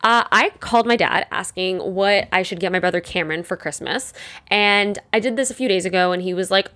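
A woman's voice: medium pitch, brisk, sharp tone. A young woman hosting her own podcast, chatting casually and rambling with frequent fillers. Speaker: podcast host. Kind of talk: casual solo podcast chat.

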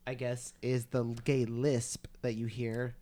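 A man's voice: mid-range voice, little pitch movement, slow pace, warm tone. A man hosting a casual podcast chat, sassy and gossipy, swearing freely. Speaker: podcast host.

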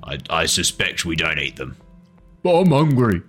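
Brief: dim hungry giant, put on by a male game master, slow and blunt. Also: low-pitched, wildly swooping pitch, fairly bright tone, faint music behind, heavily acted. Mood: dopey.

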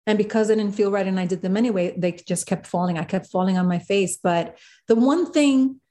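A woman, a guest in an interview, telling a story with animated quoted voices. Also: medium pitch, fairly quick. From South Bronx, New York. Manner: animated, acts out quotes of others.

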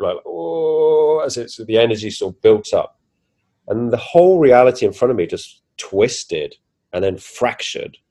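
A man's voice: lowish voice, a little mellow. A man, a podcast guest animatedly retelling a personal experience, acting out his own reactions with frequent restarts. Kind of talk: casual first-person storytelling.

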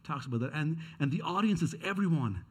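A man preaching a sermon from the pulpit, his voice sitting a little high. He speaks in an earnest, pleading way and circles back to the same question to drive it home. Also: expressive, a little fast, breathy edge. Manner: earnest, repeats key questions for emphasis. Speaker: pastor.

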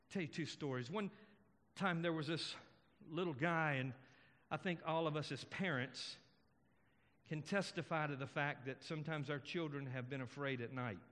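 A man's voice: on the high side, a bit bright. A male pastor preaching a sermon, telling stories earnestly and building to emphatic declarations. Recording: long hall reverb.

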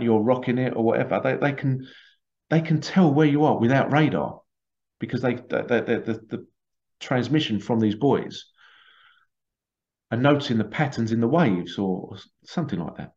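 A man with a medium-pitched, slightly mellow voice tells a long, rambling story in a casual talk about conspiracies. He restarts often and acts out the quotes, and the recording has a dull lo-fi sound.

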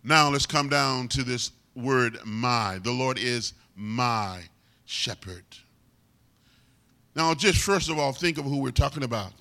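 A man's voice: mid-range voice, takes it slowly, sharp tone. A man preaching a sermon, emphatic and stretching out key words for weight.

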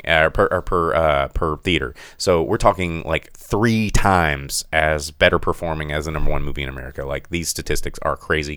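A man's voice: sits low, fairly bright tone, smooth, dry recording, studio quality. A man co-hosting a podcast in casual chat, running through numbers with frequent self-corrections and fillers. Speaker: podcast co-host.

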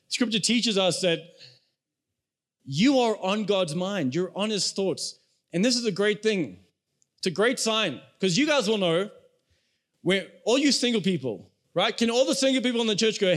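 A man's voice: high voice, lively intonation, a little slow, a bit bright. A young adult man, a pastor, preaching a sermon in a conversational way and speaking straight to the congregation.

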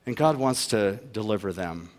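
A man preaching a sermon as pastor, emphatic, asking rhetorical questions and swinging between loud and soft delivery. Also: fairly low pitch, animated, moderate pace. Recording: long reverb of a large hall.

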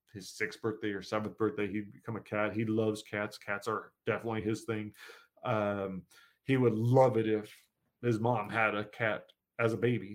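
A man who writes horror fiction, chatting casually in a vlog about his upcoming writing projects, rambling with lots of fillers and self-corrections. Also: on the low side.

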